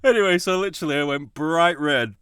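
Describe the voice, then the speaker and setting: A man's voice: fairly high pitch, brisk, a bit bright, clean tone, dry recording, studio quality. A man co-hosting a podcast, telling stories animatedly and laughing often. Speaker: podcast co-host. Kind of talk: casual podcast chat.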